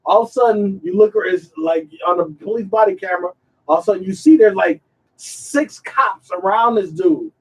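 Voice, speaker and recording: A man hosting a podcast, retelling a story in a casual, animated way, acting out the quotes and often repeating himself. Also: high-pitched, a little fast, husky, recorded from a distance, low-quality recording. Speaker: podcast host.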